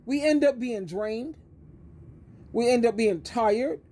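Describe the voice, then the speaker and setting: A woman's voice: on the high side, slow pace, dark tone. An older woman, an advice coach, giving an emphatic, preachy monologue that repeats words for stress and calls the listener honey. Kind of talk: direct-to-camera monologue.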